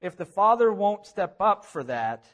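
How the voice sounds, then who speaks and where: High-voiced man preaching earnestly. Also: sing-song, a little slow, fairly bright tone. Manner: earnest, repetitive preaching with rising emphasis. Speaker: pastor. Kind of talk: sermon.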